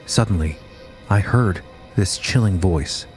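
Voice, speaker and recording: A man hosting a podcast, dramatically reading a first-hand witness account and getting loud at the quoted screams. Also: sits low, slow pace, over music. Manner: animated storytelling, rising to shouts at quoted screams. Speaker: podcast host.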